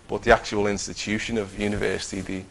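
A middle-aged man telling his personal Christian testimony in an earnest, halting way, with many restarts. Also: fairly low pitch, level tone, gravelly, poor audio. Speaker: Christian teacher giving testimony.

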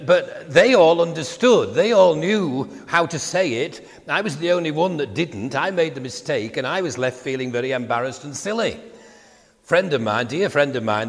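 An older man with a Yorkshire accent telling wry anecdotes in a relaxed Christian talk. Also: mid-range voice. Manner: wry, storytelling. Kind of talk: anecdotal monologue. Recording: echoey room with long reverb.

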